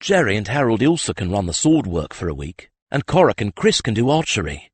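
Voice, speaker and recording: A man's voice: fairly low pitch, sing-song, fairly quick, slightly rough, voice pushed up. A man voicing a bold, cheeky young male street thief who talks in street slang with double negatives.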